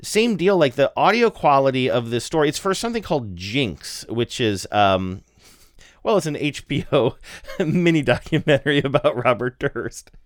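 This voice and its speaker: A man's voice: mid-range voice, sing-song, moderate pace, no echo. A man co-hosting a podcast, his voice rising and falling a lot as he rambles through chatty asides. The sound is close and dry, with no room around it. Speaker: podcast co-host. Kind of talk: casual chat.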